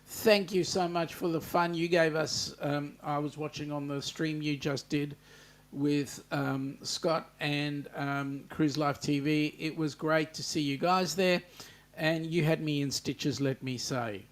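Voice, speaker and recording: Slow-talking Australian livestream host. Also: male voice, a little high, steady tone. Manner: reads viewer comments aloud, greets chatters by name. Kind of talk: casual livestream chat.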